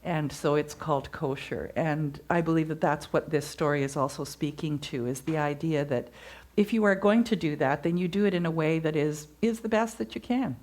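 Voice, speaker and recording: A woman giving a gentle, reflective spiritual talk, telling stories to her congregation. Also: sits low, normal speed.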